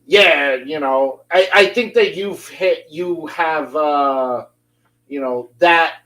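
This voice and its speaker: A man's voice: on the high side, slow pace, a bit bright, poor audio. A man hosting an interview show, teasing his guest in an easygoing, casual chat. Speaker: show host.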